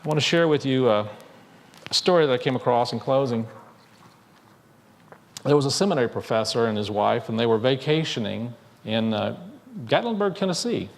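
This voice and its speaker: A male minister telling a story in a sermon, in a conversational, halting way with frequent restarts. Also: mid-range voice, animated, gravelly. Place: church sanctuary. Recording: long reverb in a church hall.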